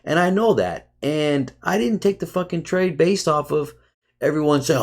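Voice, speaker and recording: A man's voice: fairly high pitch, lively intonation, moderate pace, gravelly. A man narrating a screen-share market review, casual and full of restarts, who turns into a profane, heated rant at his viewers. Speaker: trading educator.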